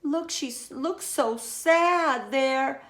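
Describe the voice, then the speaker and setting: Slow, high-voiced woman reading a story aloud. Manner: slow, expressive, exclaiming. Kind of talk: reading a picture book aloud.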